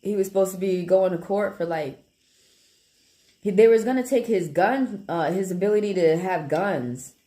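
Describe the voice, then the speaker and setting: A woman, a live tarot reader chatting casually with viewers in a blunt, profane, animated way. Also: mid-range voice, normal speed. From Atlanta, Georgia, US South. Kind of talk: casual livestream chat with viewers. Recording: echoey room with background music.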